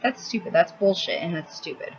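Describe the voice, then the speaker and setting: A blunt, cranky woman with a low voice who swears freely as she rambles through a casual makeup vlog. She talks into a laptop mic at home. The audio is a little dull, with a faint hiss. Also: animated, brisk. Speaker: makeup vlogger.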